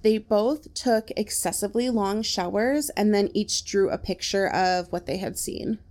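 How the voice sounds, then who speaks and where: A woman co-hosting a podcast casually retells a strange story, chatty and full of fillers like "like." Her voice is medium-pitched with a darkish tone, and she takes her time.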